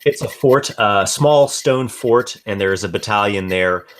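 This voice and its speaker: A man narrating as game master in a tabletop game, halting, with many fillers and restarts. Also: lowish voice, a bit bright.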